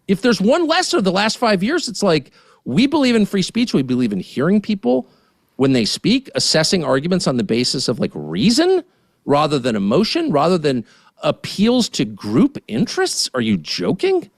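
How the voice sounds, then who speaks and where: A man in his fifties giving a heated, indignant political rant as a studio guest, swinging between muttered asides and near-shouts. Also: high-pitched, wildly swooping pitch, moderate pace, creaky, no echo. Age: 50s. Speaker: guest commentator.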